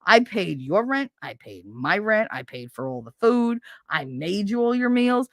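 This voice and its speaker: A woman's voice: medium pitch, sing-song, a little slow, hardly any pauses, a bit bright, dry recording, studio quality. A middle-aged woman hosting a podcast, chatting casually with her live audience and ranting in a blunt, heated, profane way. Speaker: podcast host. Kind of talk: casual livestream chat.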